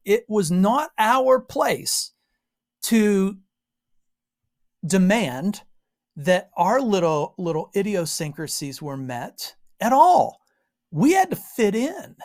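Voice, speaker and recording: A woman's voice: medium pitch, slow. An American woman from Western Pennsylvania giving an informal Bible exposition, telling stories with frequent asides. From Western Pennsylvania, USA. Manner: animated storytelling with frequent asides. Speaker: Bible teacher.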